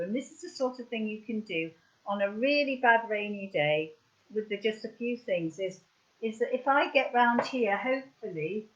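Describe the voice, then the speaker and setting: A woman hosts an online craft workshop, chatting casually and rambling through her demonstration, often restarting her sentences. Her mid-range voice comes through a video call webcam and sounds muffled.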